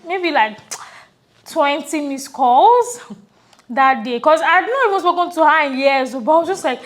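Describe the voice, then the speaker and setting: A Nigerian woman co-hosting a podcast, telling a personal story in a reflective, earnest way that often trails off softly. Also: sits high, expressive, a little slow. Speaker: podcast co-host. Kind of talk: casual conversational storytelling.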